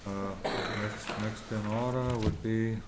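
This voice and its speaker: Halting, flat-voiced meeting chair. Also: male voice, on the low side. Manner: halting, many filler words. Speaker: committee chair. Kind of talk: chairing a council committee meeting. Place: city council chamber. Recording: noisy meeting-room recording.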